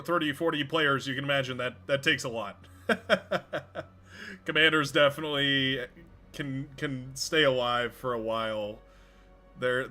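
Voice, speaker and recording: A man's voice: mid-range voice, bright, forceful tone. A young man hosting a game livestream, rambling casually with frequent laughs and restarts. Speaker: stream host and game caster.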